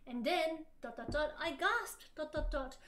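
A woman streamer reading fan fiction aloud for laughs, with theatrical, loud, overblown quotes. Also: high voice, measured pace, slight background noise.

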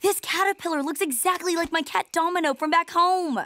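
A woman voicing an excitable, dramatic teenage girl in a cartoon, sometimes sarcastic. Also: very high voice, brisk, background noise. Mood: gushing. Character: excitable teenage girl trapped in a frog world. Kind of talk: cartoon voice acting. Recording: music playing behind.

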